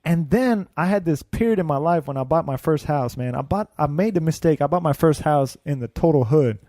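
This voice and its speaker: A man from India, a podcast co-host, telling stories in a casual, profane and animated way. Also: fairly high pitch, fairly quick, dry recording, studio quality. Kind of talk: casual chat.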